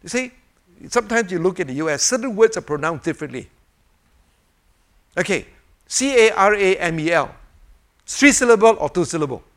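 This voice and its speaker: An older man giving an informal sermon, animated and full of rhetorical questions, chuckling as he demonstrates a fidget toy. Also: high voice, moderate pace, pauses often. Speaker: preacher.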